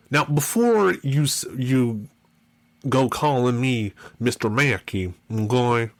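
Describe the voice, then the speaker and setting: A man putting on a slow country drawl. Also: dry recording, natural voice. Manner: slow put-on Southern drawl, raised pitch.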